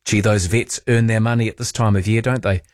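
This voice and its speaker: A man's voice: fairly low pitch, steady tone, a little fast, no echo, clean studio sound. A man with a New Zealand accent hosting late-night talkback radio, chatty and rambling as he searches for words. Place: radio studio.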